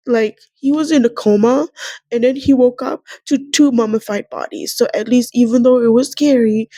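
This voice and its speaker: A woman's voice: a little high, warm tone, no echo. A young woman rambling about a novel in a casual reading vlog, emotional and teary. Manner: rambling, emotional, tearful at times. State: crying. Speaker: book vlogger.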